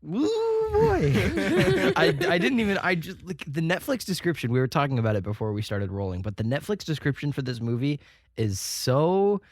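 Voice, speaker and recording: A man co-hosting a film podcast, excitable, laughing and rambling in casual chat. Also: medium pitch, fairly quick, dry recording. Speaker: podcast co-host.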